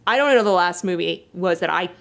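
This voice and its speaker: A woman co-hosting a podcast chats casually and emotionally about a movie she saw, laughing a lot and getting worked up. Her lowish voice is expressive and fairly bright, a little fast, with vocal fry.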